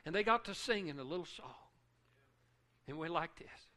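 A man preaching a sermon, emotional and repetitive, swinging from hushed lines to loud ones. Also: on the high side, expressive, normal speed. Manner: repetitive rhythmic phrasing.

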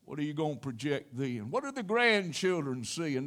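An older man preaching a sermon, telling a personal story in a folksy way with sudden loud exclamations. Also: fairly high pitch, very animated, normal speed. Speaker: pastor.

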